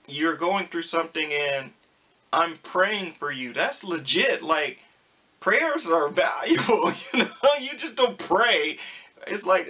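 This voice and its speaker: A young man talking casually to his viewers in a vlog, telling a story and acting out the back-and-forth of a conversation. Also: a little high. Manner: animated storytelling, acts out quoted exchanges. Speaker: vlogger.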